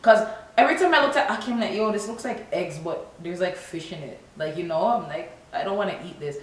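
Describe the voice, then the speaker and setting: Lively Jamaican woman in an echoey room. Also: on the low side, brisk, slight background noise. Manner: lively, mixes Patois into her talk, says "yo" often. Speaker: vlogger. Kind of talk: casual chat to camera. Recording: roomy echo.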